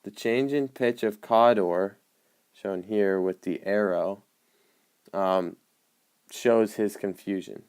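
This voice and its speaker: A man explaining the marks on an annotated play script, in a measured way with frequent hesitant ums. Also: lowish voice, a little mellow, smooth. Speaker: student presenter.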